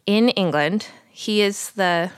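A young adult woman co-hosting a casual Bible discussion podcast, telling the story with lively put-on voices for the people in it. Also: mid-range voice, slow, smooth, no echo, studio quality. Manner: animated storyteller, acts out voices in quotes. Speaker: podcast co-host.

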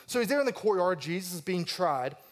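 A man's voice: sits high, animated, a little fast. A man preaching an expository sermon, reading verses and acting out the quoted lines, asking his listeners questions. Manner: asks the congregation questions. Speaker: pastor.

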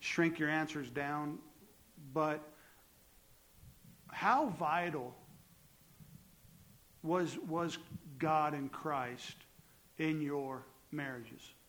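A man with a slightly high voice leads a church panel as its pastor. He talks haltingly, restarting and repeating words as he shapes a question. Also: a bit bright, poor audio. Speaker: pastor, interviewer. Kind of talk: leading a church panel interview.

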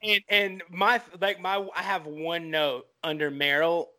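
Man, podcast co-host, casual film chat, rambling delivery, high-pitched, bright tone. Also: level tone, a little slow. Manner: rambling, many restarts and "like", swears.

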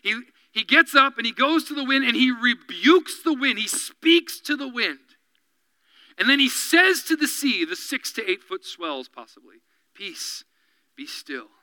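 Bright high-voiced male preacher. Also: moderate pace, no echo, rough recording. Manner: animated preaching, dropping to quiet intense asides; acts out quoted voices and dialogue. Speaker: pastor. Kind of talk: sermon.

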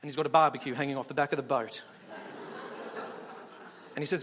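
A man's voice: medium pitch, brisk, background noise. A man preaching a sermon, telling stories and asking rhetorical questions. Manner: animated storytelling with rhetorical questions. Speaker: pastor. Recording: long hall reverb.

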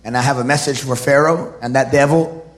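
A man preaching a sermon to his congregation, building up to shouted declarations. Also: mid-range voice, fairly even intonation, fairly quick. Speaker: pastor.

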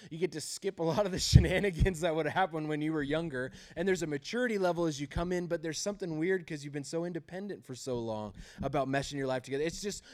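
A male pastor preaching a sermon, telling humorous, self-deprecating stories about his marriage and laughing often. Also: fairly high pitch.

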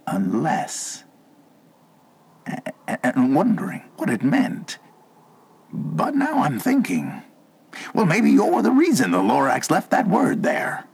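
A regretful recluse urging hope. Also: male voice, lowish voice, vocal fry, slightly rough, heavily acted. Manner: earnest, urging. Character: regretful reclusive man, hopeful mentor. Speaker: film character. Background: music score.

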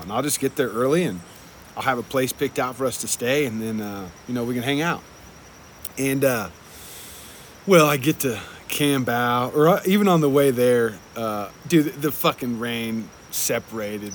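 A man's voice: medium pitch, moderate pace, a little hiss or hum. A young man telling a rambling travel story in a casual, laid-back way, swearing often and filling his talk with "like" and "dude". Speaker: traveling motorcycle vlogger.

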